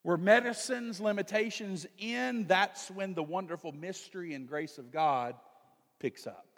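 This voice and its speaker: A male pastor preaching in a church sanctuary, his fairly high voice carried by a long hall reverb. He reads scripture and then explains it earnestly. He slows down and grows louder when he stresses a point. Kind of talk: sermon with scripture reading.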